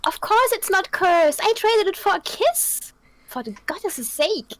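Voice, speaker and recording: A woman's voice: very high-pitched, big pitch swings, a little slow, full character voice. A woman voicing a tiny cheeky creature who finds big folk weird.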